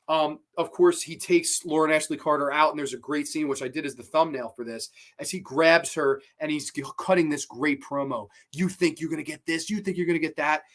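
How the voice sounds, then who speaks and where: Excitable swearing man reviewing films. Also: fairly high pitch. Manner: excitable, swears freely, lots of fillers and repeats. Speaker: horror movie reviewer and show host. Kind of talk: casual spoken film review.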